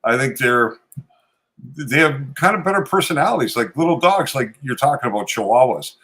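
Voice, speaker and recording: A man co-hosting a casual chat, easygoing and quick to laugh. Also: medium pitch, lively intonation, sharp tone, slightly rough. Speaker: podcast co-host.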